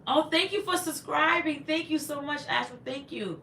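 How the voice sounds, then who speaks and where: Woman, casual livestream chat, bright tense tone, roomy echo, faint hiss, laptop mic, stumbles and repeats words. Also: high voice, moderate pace, creaky. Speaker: livestream host, teacher. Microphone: laptop microphone.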